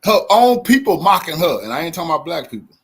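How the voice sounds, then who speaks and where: A man hosting a casual reaction commentary, animated and colloquial, heckling and laughing as he talks. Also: on the high side, fast. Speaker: show host.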